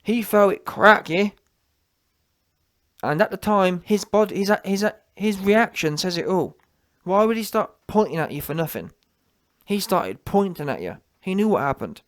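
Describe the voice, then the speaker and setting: A man's voice: high voice, lively intonation, a little slow. A man rants straight into the camera in a taunting, mocking tone. He talks in street slang and keeps circling back with "yeah?" to hammer each point home. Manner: taunting, repetitive, slangy, with frequent "yeah?" tags. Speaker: commentary channel host. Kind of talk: mocking reaction rant.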